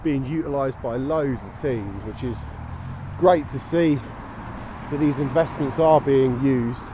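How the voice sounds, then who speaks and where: A man's voice: mid-range voice, unhurried. An English man vlogging casually while walking his dog, chatty and matter-of-fact. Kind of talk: casual walking vlog narration. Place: outdoors, park, canal path and high street. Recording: outdoor street noise behind.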